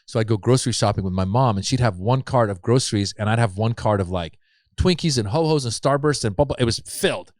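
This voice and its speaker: Middle-aged comedian guest, lively storyteller, plain mid voice, dry close mic. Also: male voice, medium pitch, quick pace, dry recording. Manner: animated storyteller, acts out quoted voices. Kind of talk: casual podcast chat.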